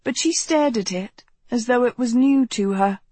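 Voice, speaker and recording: A woman narrating a novel in an even, measured reading, recorded close to the mic. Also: fairly high pitch, breathy edge, dry recording. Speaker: audiobook narrator. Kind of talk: scripted narration.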